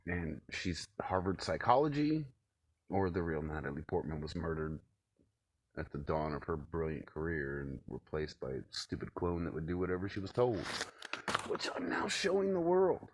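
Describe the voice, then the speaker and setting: A man ranting alone to camera in a cold room at home, swearing freely and swinging between loud outbursts and low muttering. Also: normal speed. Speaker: vlogger. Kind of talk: rambling solo rant to camera.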